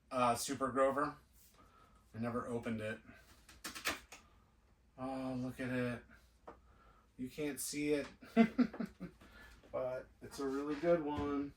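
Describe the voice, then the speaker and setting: A man's voice: mid-range voice, steady tone, a little hiss or hum. A man sorting through boxes of toys and chatting casually to himself as he unpacks. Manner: slow, musing, talks to himself while sorting. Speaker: toy collector vlogger. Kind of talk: casual unboxing chat. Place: cluttered toy room indoors. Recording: echoey room, mic at a distance.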